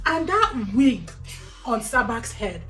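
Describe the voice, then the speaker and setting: A woman with a fairly high voice chatting casually about a film. She sounds animated and opinionated, and laughter runs through her talk. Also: slow pace, soft background music. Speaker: podcast co-host. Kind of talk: casual film review chat.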